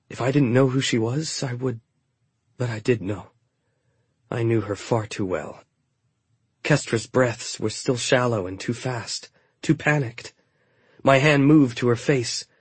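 A male narrator reads a first-person story in a measured, intimate tone. His voice has a husky grain at middle pitch. The sound is dry and close to the mic. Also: dry recording. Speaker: audiobook narrator.

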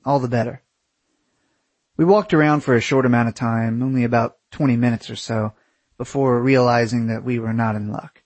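Male narrator, husky and unpolished, swearing freely with sarcastic asides; dry, close sound. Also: mid-range voice, no room sound. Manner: profane, sarcastic, conversational. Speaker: storyteller. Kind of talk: casual spoken storytelling.

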